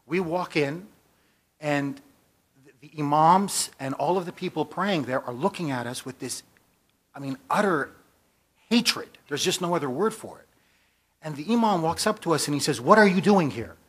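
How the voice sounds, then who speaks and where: A man speaking at a conference with a slightly high, husky voice. He tells a story to the audience in an emphatic way, stacking points into forceful repeated lists. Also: expressive, normal speed, long pauses. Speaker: magazine editor giving a talk. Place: conference hall.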